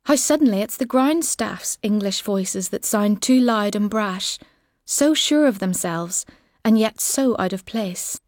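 A woman reading a literary story in the second person, measured and wry, with soft, lingering phrasing. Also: on the high side, dry recording, clean studio sound. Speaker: audiobook narrator.

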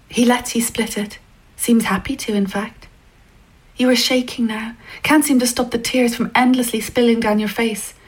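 A woman narrating a story in the second person, in a hushed, intimate way that often sinks toward a whisper. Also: mid-range voice, low-quality recording.

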